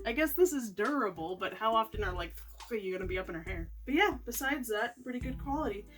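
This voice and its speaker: A woman's voice: a little high, animated, a little fast, hardly any pauses, fairly bright tone, recorded from a distance, slight background noise. Giggly woman reviewing toys. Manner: chatty, laughs often between remarks. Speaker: toy reviewer. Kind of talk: casual product review vlog.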